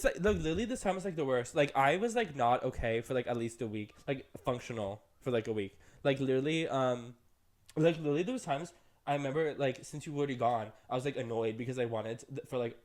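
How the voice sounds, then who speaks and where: A man's voice: expressive, fast talker, darkish tone. Chatty young man, rambling storyteller. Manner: jumps up high for quoted voices and laughter. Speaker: podcast co-host. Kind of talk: casual chat.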